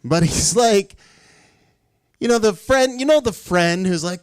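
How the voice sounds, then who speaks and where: A man's voice: sits high, measured pace, clean tone. A middle-aged man doing stand-up comedy in a conversational, rambling way full of asides.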